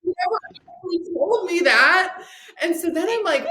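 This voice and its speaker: A woman's voice: extremely high pitch, expressive, normal speed, bright, forceful tone, roomy sound. A woman guest on a podcast, an addiction and recovery coach, telling a story in casual chat and acting out the dialogue, with lots of "like" fillers.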